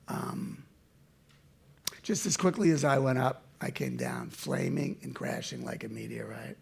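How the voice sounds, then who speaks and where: Gravelly old guy in his 70s telling wild stories to a crowd, fairly high voice, big swings from loud to whisper. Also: a little slow. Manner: animated, swings from loud to hushed. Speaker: speaker telling his life story to an audience. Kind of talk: storytelling talk.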